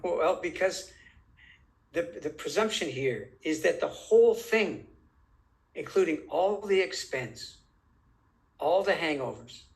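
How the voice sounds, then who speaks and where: A man with a somewhat high voice for his sex, talking as a guest in a conversational interview. He is insistent and emphatic, and he leans on rhetorical questions. He slows down to stretch out key phrases. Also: lively intonation, vocal fry, low-quality recording. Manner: deliberate, drawn-out phrasing.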